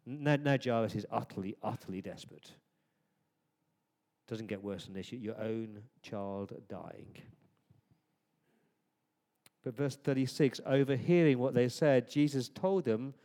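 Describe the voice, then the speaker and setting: A man delivers a sermon in a mellow, warm voice, drifting between hushed, intimate asides and emphatic declarations. His words ring out with a long reverb trailing behind them. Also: mid-range voice, measured pace, pauses often. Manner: conversational, swings from hushed to emphatic. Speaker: preacher.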